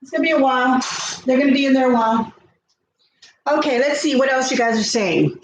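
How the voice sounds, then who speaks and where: A chatty middle-aged woman talks to her viewers while cooking at home, often laughing and reading their comments aloud. Her voice sits high, and the kitchen echoes around her. A faint hum of ambience sits under her voice. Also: expressive, a little fast, long pauses. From South Texas. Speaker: vlogger. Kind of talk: casual chat while cooking.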